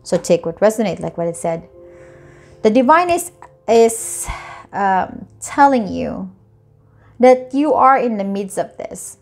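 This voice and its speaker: A woman giving a tarot reading, talking in a reassuring way that repeats key phrases, with soft music behind her. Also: medium pitch, lively intonation, slow, creaky, long pauses. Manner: repetitive, reassuring. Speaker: tarot reader.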